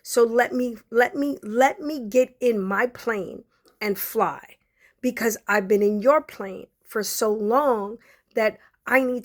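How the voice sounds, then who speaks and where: Podcast host, woman in her forties, emotional, on the verge of tears, speaks straight to her listeners. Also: a little high. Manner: emotional, near tears, fighting back crying; conversational, addresses listeners directly. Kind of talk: emotional personal talk to followers.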